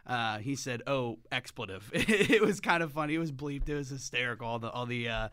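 Bright-voiced man co-hosting sports talk. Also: mid-range voice, fast, clean tone, dry recording, studio quality. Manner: agreeable, frequent affirmations, laughs easily. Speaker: sports podcast co-host.

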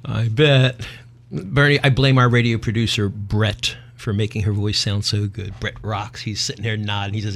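A man's voice: fairly low pitch, steady tone, moderate pace, vocal fry, a bit bright. Folksy opinionated male talk host. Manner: folksy, opinionated, half tongue-in-cheek. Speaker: podcast host. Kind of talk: casual talk show banter.

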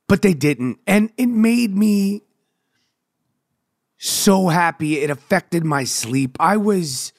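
A man's voice: fairly high pitch, creaky, dry recording, studio quality. A man from New York hosting a podcast, ranting about sports with heavy swearing and sing-song chanted intros. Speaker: podcast host. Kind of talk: profane sports rant.

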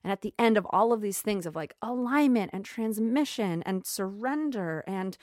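A woman talking in an earnest, emotional way about her spiritual growth. She often repeats phrases and goes soft and slow. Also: medium pitch, expressive, no room sound, studio quality. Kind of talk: reflective spiritual monologue.

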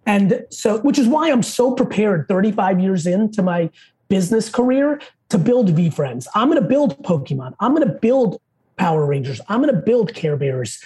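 A man as a podcast guest, telling stories in a fast, profane, high-energy way. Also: big pitch swings, mellow, slightly rough. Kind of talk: casual interview storytelling.

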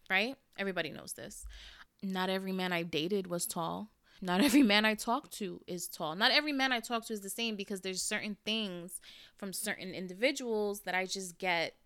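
A woman's voice: medium pitch, a bit bright, clear, resonant tone, no echo, studio quality. A young adult woman hosting her own podcast, talking candidly and casually to listeners, saying "y'all" and "like" often. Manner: candid, conversational, uses "y'all" and "like". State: emotional, near tears. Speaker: podcast host. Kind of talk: casual solo podcast talk.

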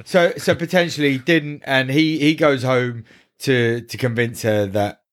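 A man on a podcast, chatting casually about a film. He rambles, restarts his phrases and sometimes acts out what characters say. His voice sits at an ordinary middle pitch for a man. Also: fairly even intonation, a little slow. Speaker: podcast co-host.

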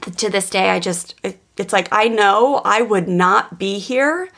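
A woman in her thirties hosting a parenting podcast, telling a personal story in a lively way with self-corrections. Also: mid-range voice, unhurried. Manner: animated, self-correcting, quotes herself. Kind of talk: casual storytelling chat.

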